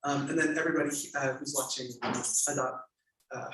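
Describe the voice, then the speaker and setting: A male author thanking guests with halting, filler-heavy speech and then reading from his memoir at a bookstore event. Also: fairly high pitch, fairly even intonation, fairly bright tone. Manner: hesitant with many fillers, then measured reading. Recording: echoey room, mic far off.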